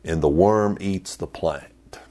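A male pastor preaching a sermon in an animated, conversational way with playful asides. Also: low voice, takes it slowly.

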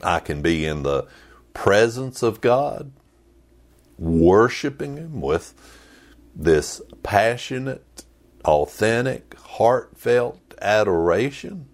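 Man, pastor, sermon, low voice, slow, very animated pitch, conversational, playful.

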